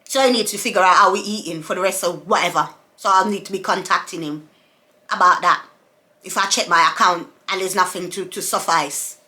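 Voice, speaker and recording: Talking casually to her camera, this adult vlogger and mother of several kids delivers a forceful, repetitive rant packed with rhetorical questions. Her voice sits lowish, moves fairly quickly and sounds bright.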